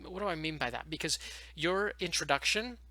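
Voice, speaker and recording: A man teaching how to run an online English lesson, talking fast and emphatically and acting out classroom phrases. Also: on the high side, sharp tone, dry recording, low-quality recording. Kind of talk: instructional talk to camera.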